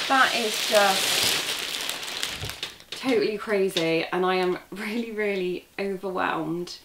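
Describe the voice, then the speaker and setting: A chatty woman unboxes a gift for her vlog, gushing and easily overwhelmed. She talks slowly, and the camera sits a little way off. The room rings with echo, and a clear hiss sits under her voice. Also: medium pitch. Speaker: crochet vlogger. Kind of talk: casual unboxing chat. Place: indoor room at a table. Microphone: camera set back from her.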